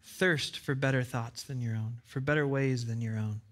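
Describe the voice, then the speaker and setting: A man's voice: mid-range voice, steady tone, moderate pace, fairly bright tone. A man preaching a sermon as pastor in a church, earnest, repeating phrases for emphasis and acting out short dialogues. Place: church with side screens.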